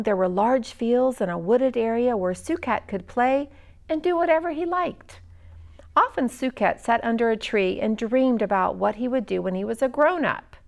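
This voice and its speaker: A woman narrating a children's story expressively, with dramatic pauses. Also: a little high, gravelly.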